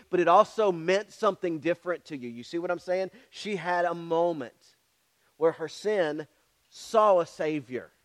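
A man preaching a sermon, telling Bible stories and checking in with the congregation with frequent asides. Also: high voice. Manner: storytelling with frequent "all right?" asides to the congregation; acts out voices in his stories. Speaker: pastor.

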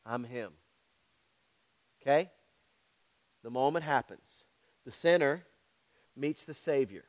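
A man's voice: medium pitch, slow pace. A man preaching a sermon, telling Bible stories and checking in with the congregation with frequent asides. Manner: storytelling with frequent "all right?" asides to the congregation; acts out voices in his stories. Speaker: pastor.

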